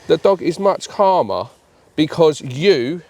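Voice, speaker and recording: A man's voice: on the high side, lively intonation, takes it slowly, a little mellow, no room sound. A man, coaching dog owners in a hands-on training session, talking bluntly with plenty of swearing and voicing what the dog is thinking. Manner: blunt, sweary, mimics the dog's thoughts.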